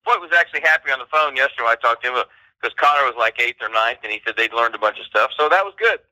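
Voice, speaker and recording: Fast-talking bright man telling stories. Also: mid-range voice, lively intonation, no echo, poor audio. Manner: chatty anecdotes with quoted voices. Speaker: co-host. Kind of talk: casual podcast chat, storytelling.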